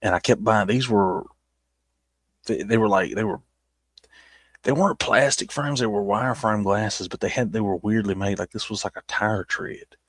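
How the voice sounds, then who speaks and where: Southern male vlogger, rambling and self-mocking, low husky voice, dry close mic. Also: normal speed, no room sound. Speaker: YouTuber reviewing his old videos. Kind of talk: casual chat.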